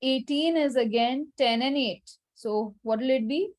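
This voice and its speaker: A woman teaching French numbers in an online class, repeating each word slowly and carefully. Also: sits high, darkish tone. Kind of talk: online language lesson. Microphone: video call.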